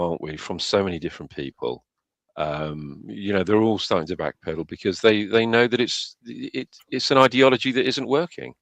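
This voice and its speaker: Low-voiced opinionated man. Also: a bit bright, no echo. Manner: opinionated, hesitant with fillers. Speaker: podcast co-host. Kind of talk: casual chat.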